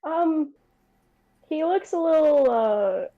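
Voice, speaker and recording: A woman's voice: high-pitched, animated, slow. A woman playing a tabletop role-playing game, describing the scene hesitantly with many fillers. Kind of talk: casual tabletop play over voice chat. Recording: dull lo-fi mic.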